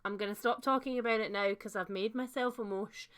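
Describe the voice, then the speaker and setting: A young woman hosts a casual livestream, chatting to viewers as she reads their comments. Her voice is bright and fairly light, and she talks in a loose, friendly way with plenty of fillers. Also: a little high, steady tone, brisk, smooth. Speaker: host of a livestream book chat.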